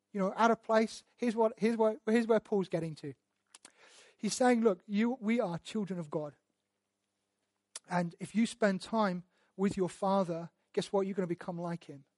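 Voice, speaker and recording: A man preaching a sermon and teaching through Bible verses, speaking earnestly, often repeating words as he restarts, and building to loud emphatic passages. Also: high-pitched, dry recording. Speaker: pastor.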